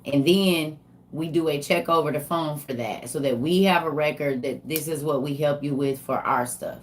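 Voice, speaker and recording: A woman's voice: low voice, moderate pace, a little hiss or hum. An older woman hosting a casual livestream, talking animatedly straight to her viewers. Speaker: livestream host.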